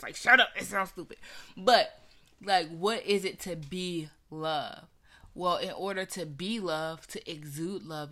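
A woman's voice: sits low, a bit bright. A young woman sharing her personal faith story in an earnest, conversational way, with many casual fillers.

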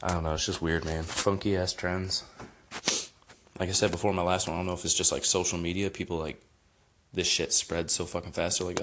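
A man in his twenties rants loosely and profanely as a podcast host, drinking beer as he talks. His voice sits low. A faint hiss runs underneath. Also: fairly even intonation, fairly quick, long pauses. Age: 20s. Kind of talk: casual comedic rant.

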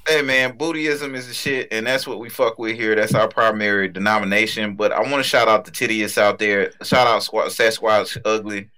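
Male podcast co-host, forceful bright voice, rambling and crude, big on shout-outs. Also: on the low side, fairly even intonation, moderate pace, few pauses, clear, resonant tone. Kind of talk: casual podcast chat.

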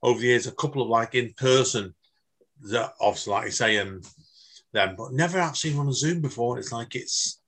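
Husky interviewer, chatty. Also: male voice, mid-range voice, fairly quick, a bit bright. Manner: chatty, enthusiastic, loose phrasing. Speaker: podcast interviewer. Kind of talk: casual interview chat.

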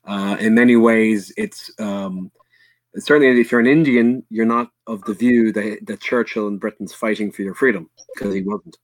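A man's voice: on the low side, normal speed, dry recording. A man with an Irish accent talking through history in a casual podcast chat, earnest and blunt, full of fillers and restarts.

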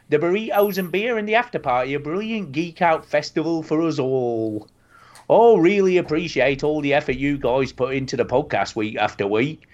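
A man's voice: fairly high pitch, darkish tone, lo-fi sound, lightly acted. A man reading an email aloud in a hammed-up West Country accent, playing a cheerful rural listener. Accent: West Country English, put on.

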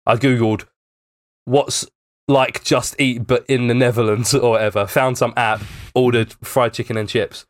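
A young man tells a long story in casual podcast chat, rambling and full of fillers and swear words. His voice is mid-pitched and sits in a dry, close recording. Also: fairly even intonation, measured pace, no room sound.

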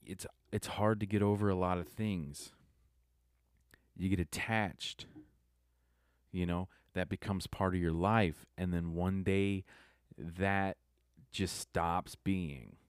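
A man's voice: sits low, steady tone, slow, clear, resonant tone, no echo, studio quality. A young adult man giving a subdued, rambling confessional monologue that halts and restarts often. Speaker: vlogger.

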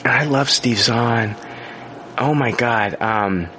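A man's voice: mid-range voice, takes it slowly, a little hiss or hum. A man co-hosting a podcast, telling stories in casual chat with lots of swearing and filler words. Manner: animated storytelling, heavy swearing and filler words. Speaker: podcast co-host.

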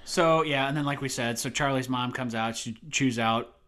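This man co-hosts a casual movie podcast, talking in an even middle pitch. He gets animated, laughs often and jumps up into high, put-on voices when he quotes characters. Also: normal speed. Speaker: podcast co-host. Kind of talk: casual chat.

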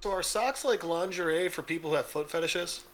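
A man in casual podcast chat with friends, tossing out quick, teasing quips. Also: a little high.

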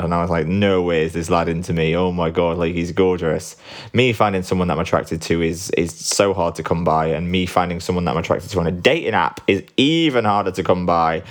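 A man hosting a podcast from home at night, sleepy and relaxed, rambling candidly and swearing casually. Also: deep voice. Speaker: podcast host. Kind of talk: casual solo podcast chat.

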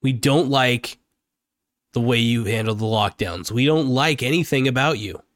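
A man's voice: mid-range voice, normal speed, fairly bright tone, no echo, studio quality. Angry profane man ranting. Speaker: political vlogger. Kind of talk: unscripted political rant.

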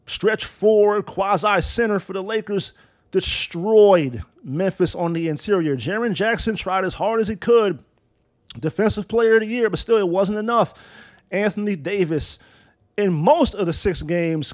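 High-voiced, profane sports ranter. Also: male voice. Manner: blunt, profane, sarcastic with long lists of insults. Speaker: sports podcast host.

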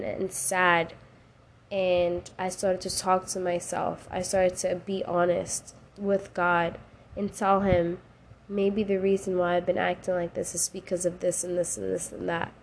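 A woman's voice: fairly low pitch, completely flat delivery, measured pace, darkish tone. Woman on her faith podcast, emotional and a bit teary, casual slang, faint hiss behind. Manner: emotional, rising to cries and laughs, casual slang. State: tearful. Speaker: podcast host.

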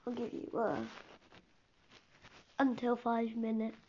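A woman's voice: fairly high pitch, monotone, slow, dark tone. A teenage girl hosting a casual solo podcast, rambling and often dropping into a whisper. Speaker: podcast host. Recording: dull lo-fi recording with faint hiss.

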